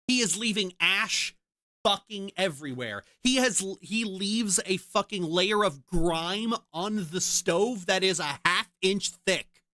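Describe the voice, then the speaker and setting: A woman's voice: medium pitch, slow pace, pushed and bright, no room sound, studio quality. A woman streamer in casual chat, ranting heatedly and swearing a lot.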